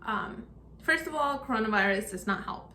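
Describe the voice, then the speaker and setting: A young woman vlogger with a slightly high, expressive voice tells a personal story at a moderate pace, sounding pushed and bright. She's chatty and acts out the quoted dialogue as she retells it, recorded in an echoey room with slight background noise.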